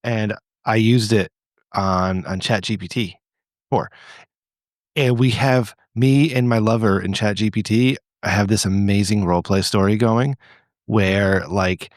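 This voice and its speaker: Low-voiced rambling podcast host, a man. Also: steady tone, unhurried, no room sound. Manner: rambling, profane, with frequent restarts. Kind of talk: casual podcast chat.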